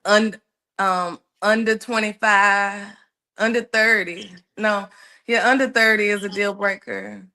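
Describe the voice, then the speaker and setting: A woman in her thirties answering dating questions slowly and hesitantly, thinking aloud. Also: medium pitch, steady tone, pushed and bright. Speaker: interviewee on a dating show clip.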